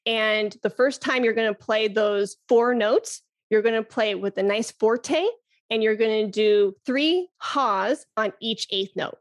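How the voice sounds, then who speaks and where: Upbeat woman, higher-pitched voice, laughing. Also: measured pace. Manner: enthusiastic, laughs often, demonstrates breathy "ha" sounds. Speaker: flute teacher, podcast guest. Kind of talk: casual interview chat.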